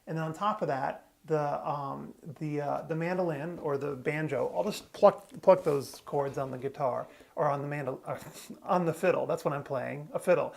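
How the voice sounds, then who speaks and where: A man's voice: fairly high pitch, normal speed, creaky. A man teaching a beginner fiddle tune step by step, explaining patiently and plainly. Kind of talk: step-by-step music lesson. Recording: fiddle music playing loudly. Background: his own fiddle playing.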